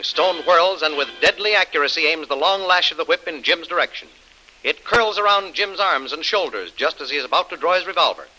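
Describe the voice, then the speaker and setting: A male announcer narrating a vintage radio adventure in a vivid, declamatory way. His voice sits a little high and sounds very bright and ringing as he drives the action forward. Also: rough recording. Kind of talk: dramatic scripted narration.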